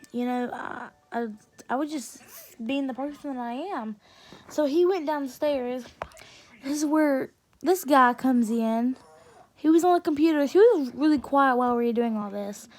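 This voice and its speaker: Woman with a high voice telling a storytime tale, sassy, acts out what everyone said. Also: measured pace, a little hiss or hum. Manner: sassy, acts out quoted comebacks. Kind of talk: casual storytime chat.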